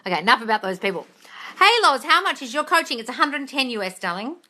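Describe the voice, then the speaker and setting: A woman hosting a casual live-stream Q&A as a manifesting coach, blunt and sweary, swinging between muttered asides and loud exclamations. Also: a little high, big pitch swings, fast talker. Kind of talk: casual live-stream chat reading comments.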